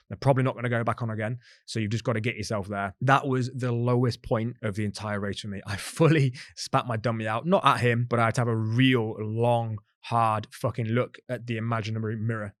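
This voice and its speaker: A fast-talking British man recounts his own hard-won story in a candid, expletive-peppered monologue, doubling back on his words as he goes. The sound is dry and close, with no room around it. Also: mid-range voice, no room sound. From Britain. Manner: candid, expletive-laden, conversational with frequent restarts. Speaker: podcast host.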